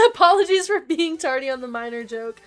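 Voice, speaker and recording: Young woman, high voice, breaks host, quick chatty name lists, faint music behind. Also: lively intonation. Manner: rapid listing of names, chatty asides to viewers. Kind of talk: live-stream card break commentary.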